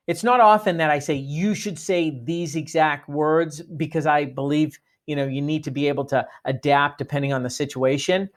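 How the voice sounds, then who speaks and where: A man's voice: fairly high pitch, steady tone, moderate pace, hardly any pauses. A man giving a sales training talk, coaching listeners and acting out sample phone greetings. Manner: coaching, demonstrates phone lines.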